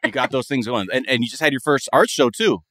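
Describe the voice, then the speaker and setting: A man's voice: medium pitch, quick pace, pushed and bright, dry recording. A man hosting a casual comedy podcast, riffing playfully and jumping into goofy bits. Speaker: podcast host.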